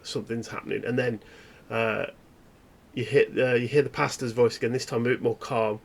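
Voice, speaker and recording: A man narrating a tabletop horror game as its game master. His description is loose and meandering. His voice sits at an ordinary middle pitch. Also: steady tone, a little fast, creaky.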